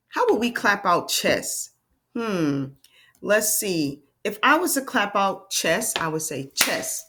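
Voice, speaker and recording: Low-voiced woman teaching phonics to kids. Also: fairly bright tone. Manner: slow, stretched sounding-out of letters with encouraging questions. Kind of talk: children's phonics lesson.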